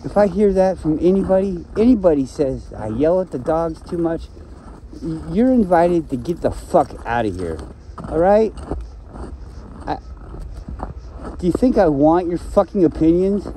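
A man's voice: sits high, sing-song, moderate pace, long pauses, mellow, slight background noise, poor audio. A man ranting to himself in a rambling solo vlog, swearing often and complaining. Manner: profane, complaining, talks to himself. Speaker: vlogger.

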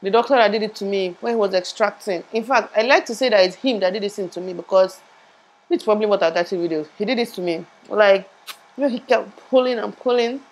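A woman's voice: mid-range voice, quick pace, rough recording. A young woman vlogging casually, chatty and rambling, laughing at herself while sore from a recent tooth surgery. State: in pain after tooth surgery, speech a bit muffled. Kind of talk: casual vlog chat. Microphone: lapel mic.

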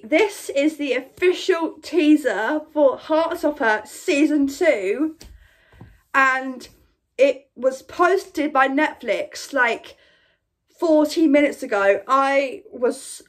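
Gushing woman with a high voice. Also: animated, slow pace. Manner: gushing and breathless, tripping over her words. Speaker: vlogger. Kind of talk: excited reaction vlog.

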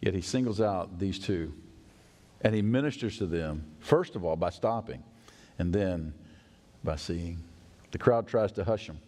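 A male pastor preaching a sermon in a church, animated and acting out the voices of people in the story. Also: sits low, unhurried, long pauses. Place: church sanctuary. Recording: long church hall reverb.

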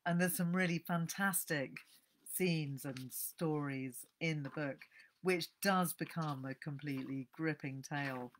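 A woman's voice: sits low, measured pace, a little hiss or hum. Enthusiastic woman presenting a book. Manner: enthusiastic, chatty asides. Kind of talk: casual book talk with reading aloud.

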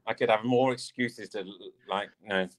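English dance coach guy, lowish voice, rambly casual chat, lots of "i mean". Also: steady tone, normal speed. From England. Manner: chatty and rambling, many "I mean" fillers. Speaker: dance teacher and coach, interview guest.

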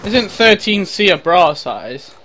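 A man's voice: high voice, big pitch swings, slow pace, sharp tone. A man gaming and bantering with strangers, teasing and mocking them with bursts of laughter, heard over a headset. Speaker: gamer streamer. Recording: game gunfire and chatter behind.

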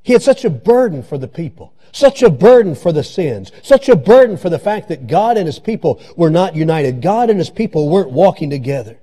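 High-voiced male pastor preaching. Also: big pitch swings, brisk, few pauses, dark tone, husky. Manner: repetitive, emphatic preaching. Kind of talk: sermon. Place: church sanctuary.

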